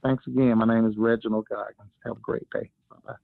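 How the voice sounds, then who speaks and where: A man's voice: fairly low pitch, little pitch movement, creaky, dry recording. A man from Atlanta with a Southern US accent, a caller politely asking his question with some hesitation. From Atlanta, Georgia. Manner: slow, polite, hesitant with fillers. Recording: tinny phone line.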